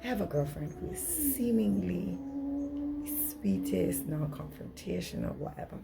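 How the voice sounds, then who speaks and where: A woman's voice: medium pitch, big pitch swings, normal speed, creaky, heavy background noise. A middle-aged woman giving an earnest, emphatic relationship workshop talk, often acting out dialogue. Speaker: relationship coach.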